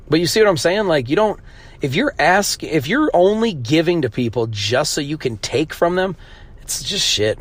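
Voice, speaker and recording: A man hosting a solo podcast, talking in a blunt, profane, ranting way. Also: a little high. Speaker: podcast host. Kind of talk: casual monologue.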